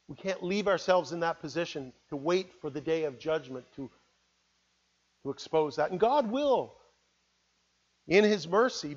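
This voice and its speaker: A pastor with a high voice preaches an earnest sermon, building to loud appeals before falling to hushed words. The recording has a dull, lo-fi sound.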